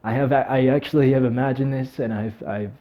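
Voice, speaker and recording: A man speaking to camera in a vlog, teary and on the edge of crying, talking in an emotional, halting way. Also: medium pitch, steady tone, muffled recording. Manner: emotional and halting, breaking into nervous laughs. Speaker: vlogger. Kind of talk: heartfelt talk to camera.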